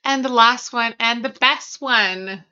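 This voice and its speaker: A woman talking casually about books in a small room at home, rambling a little and restarting her sentences. Her voice is bright and crisp, with clean, smooth clarity. The audio has a slightly dull, lo-fi edge. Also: fairly high pitch, slow pace. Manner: chatty, self-conscious, many fillers and restarts. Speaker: book vlogger. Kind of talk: casual chat.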